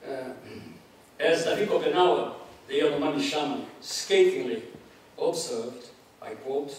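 Male lecturer, mid-range voice, measured academic delivery, heard from a distance in a reverberant hall with faint hiss. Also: medium pitch. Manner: measured, reads quotations aloud with spoken asides. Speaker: anthropology lecturer.

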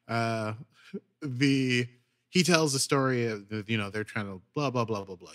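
A man's voice: lowish voice, moderate pace. Man animatedly recapping a show. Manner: animated retelling with acted quotes. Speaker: podcast co-host. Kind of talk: casual recap chat.

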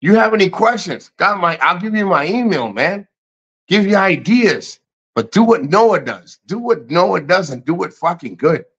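A man's voice: sits high, lively intonation, moderate pace, a bit bright, slightly rough. A man hosting a casual livestream, reading chat and giving blunt, profane motivational rants. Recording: muffled lo-fi stream audio.

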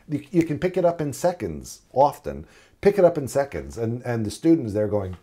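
A man's voice: on the low side, sing-song, fairly quick, dark tone. A middle-aged man teaching a recorded paramedic lesson in a conversational way, acting out short exchanges with patients. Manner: conversational, acts out patient dialogue. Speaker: paramedic instructor.

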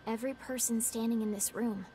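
Brief: woman playing a cold, measured game villainess, slightly high voice. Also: slight background noise, close to an everyday voice. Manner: calm, measured, mocking. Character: calm, cold-hearted woman revealing a secret.

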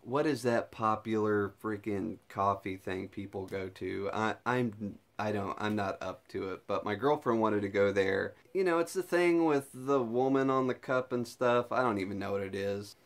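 A man's voice: lowish voice, normal speed, hardly any pauses. A young man vlogging in a casual chat, laughing often and slipping into silly put-on voices.

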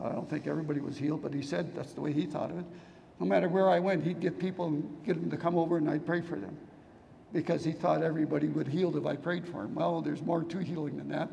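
An older male pastor, hoarse from losing his voice, preaching a sermon with earnest storytelling. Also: fairly high pitch, dark tone. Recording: long reverb in a hall, faint noise.

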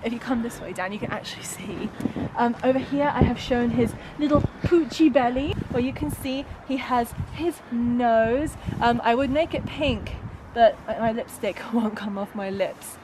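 A woman's voice: a little high, moderate pace, background noise. A woman vlogging outdoors in the snow, chatting playfully and presenting her work with mock grandeur. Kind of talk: casual outdoor chat.

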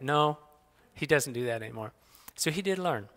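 Middle-aged man, church speaker, animated folksy anecdotes; clear bright voice, long hall reverb. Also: a little high, normal speed. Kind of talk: personal storytelling talk. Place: church sanctuary.

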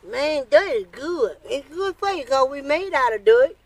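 An older woman, a blues singer, telling earthy stories about her childhood in a relaxed, laughing way. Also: high-pitched, dry recording. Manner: slow, earthy storytelling with hearty laughs. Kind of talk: relaxed storytelling.

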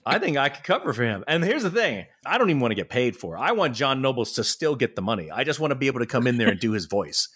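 A middle-aged man chatting as a podcast guest, telling lively stories with frequent laughs and restarts. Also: mid-range voice, fast talker, hardly any pauses, slightly rough. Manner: animated storyteller, laughs often, restarts sentences. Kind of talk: casual interview chat.

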